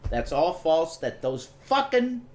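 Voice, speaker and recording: A man's voice: on the high side, big pitch swings, slow, darkish tone, slight background noise. A man speaking bluntly and defensively, swearing as he denies the charges, in a clip played on a stream.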